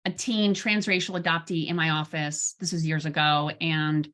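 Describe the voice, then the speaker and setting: A woman therapist giving an informal talk to an online audience, chatty and animated, acting out bits of dialogue with self-deprecating humor. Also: sits low, normal speed. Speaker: therapist and guest speaker.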